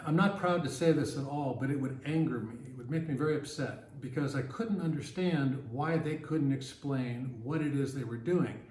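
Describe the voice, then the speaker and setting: A man teaching ukulele in a relaxed, chatty way, with many fillers, counting beats and sometimes singing along. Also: medium pitch, normal speed, hardly any pauses, echoey room, slight background noise. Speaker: ukulele club instructor. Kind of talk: casual ukulele lesson with strumming and singing.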